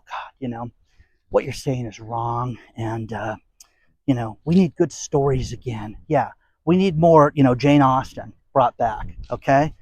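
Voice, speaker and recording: A man's voice: on the high side, a little mellow, no room sound, rough recording. A middle-aged man hosting a commentary channel, ranting bluntly and emphatically to camera, with sarcastic asides and repeated phrases. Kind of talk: opinionated rant to camera.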